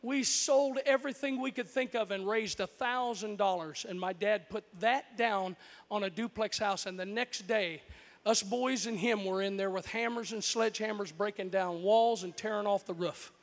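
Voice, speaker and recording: A man from Florida preaching a sermon built on stories from his childhood, animated and breaking into shouts at the big moments. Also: high voice, moderate pace, long reverb tail. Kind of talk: storytelling sermon.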